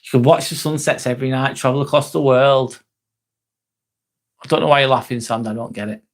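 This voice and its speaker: A man's voice: medium pitch, fairly quick. A man hosting a live vlog, casually chatting, reading out viewer comments, swearing and laughing now and then. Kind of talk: casual live-stream chat.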